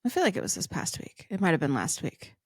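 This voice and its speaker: A woman's voice: deep voice, huge pitch swings, fast, slightly rough, dry recording, studio quality. A woman co-hosting a casual podcast chat, retelling a clip in a rambling way and laughing often. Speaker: podcast co-host.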